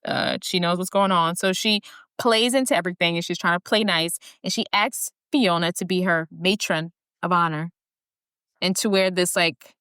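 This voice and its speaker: A woman's voice: fairly low pitch, steady tone, normal speed, bright, forceful tone, clean tone, no room sound. A woman co-hosting a podcast, bluntly recapping a movie in casual chat, filler words throughout. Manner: blunt, crude, many "like" fillers. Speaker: podcast co-host.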